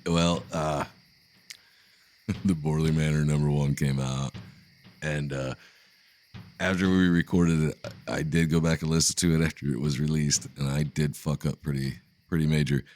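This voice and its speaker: Extremely deep, rambling self-mocking man. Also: fairly even intonation, moderate pace, long pauses, darkish tone. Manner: self-deprecating, rambling, profane. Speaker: podcast co-host. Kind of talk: casual podcast chat.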